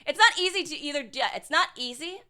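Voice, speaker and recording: High bright-voiced blunt young woman streamer. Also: lively intonation, quick pace. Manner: blunt, sarcastic, swears freely, lots of fillers. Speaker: VTuber streamer. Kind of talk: casual stream chat reacting to chat.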